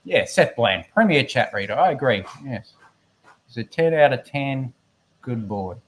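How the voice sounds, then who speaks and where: A bit slow and a bit bright, this expressive mid-range male voice comes through a computer microphone with slight background noise. He's a guest co-host on a live stream, rambling, joking about himself and reading out chat messages.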